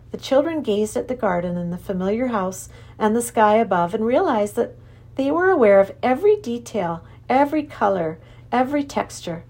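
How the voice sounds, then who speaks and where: A woman reading a children's storybook aloud with plenty of expression. Her voice rises and falls a lot, and she keeps the telling lively. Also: on the high side, normal speed. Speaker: narrator.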